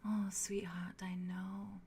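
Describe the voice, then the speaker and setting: A woman voicing a rotted, branch-bodied female spirit in a gentle, menacing whisper. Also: mid-range voice, flat delivery, slow, gravelly, husky, full character voice. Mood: gentle menace. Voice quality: soft whisper.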